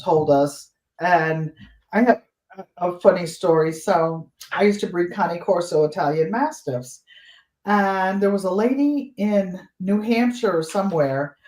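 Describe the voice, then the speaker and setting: Older woman telling lively stories in an echoey room. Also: lowish voice, a little slow. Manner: animated storyteller, voices the people in her stories. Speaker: guest storyteller. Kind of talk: casual chat on a livestream. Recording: roomy echo.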